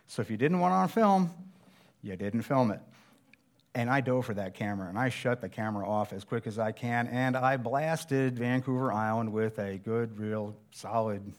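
A man's voice: medium pitch, moderate pace. A middle-aged man preaching a sermon, telling a personal survival story in a conversational, self-deprecating way.

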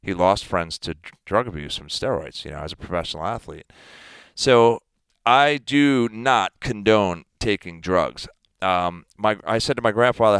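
A man in his fifties, a guest athlete, talking in a casual interview in an emphatic, animated way. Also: fairly low pitch, normal speed, clean tone, no room sound. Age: 50s.

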